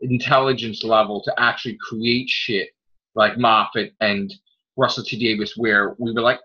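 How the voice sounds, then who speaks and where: Bright-voiced ranting male podcast host. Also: medium pitch, normal speed. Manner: ranting, swears a lot. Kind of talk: casual podcast chat. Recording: dull lo-fi audio.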